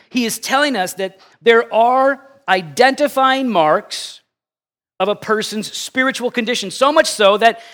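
A middle-aged male pastor giving a conversational sermon, telling stories in an animated, self-deprecating way. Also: sits high.

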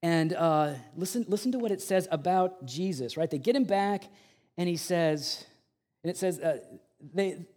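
A man in his forties delivers a sermon, his voice sitting high for a man. He is animated, slipping into mocking impressions and dropping suddenly from forceful to hushed. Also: moderate pace. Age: 40s. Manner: animated, acts out mocking quotes, swings from loud to hushed. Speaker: pastor.

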